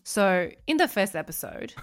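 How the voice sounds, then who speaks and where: A woman's voice: medium pitch, moderate pace, soft background music. Chatty young woman co-hosting a podcast. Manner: chatty, animated retelling with acted-out quotes. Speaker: podcast co-host. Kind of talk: casual chat.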